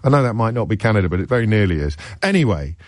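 A man's voice: lowish voice, sing-song, racing, a little mellow, dry recording. A man hosting a radio phone-in, chatty and wry, with lots of restarts. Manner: chatty, wry, self-deprecating, many restarts.

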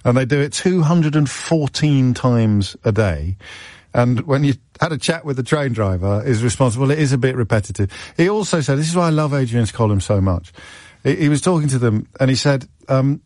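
A man's voice: medium pitch, expressive, fairly quick, a little mellow, no room sound, studio quality. A middle-aged man hosting a radio phone-in, chatty and self-deprecating, with stammering restarts. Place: radio studio. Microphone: studio microphone.

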